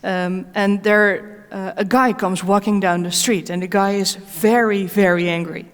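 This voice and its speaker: A woman's voice: mid-range voice, fairly even intonation, measured pace. A woman speaker and certified coach answering audience questions at a conference, talking hesitantly with many fillers and restarts. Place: conference hall. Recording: echoey conference hall.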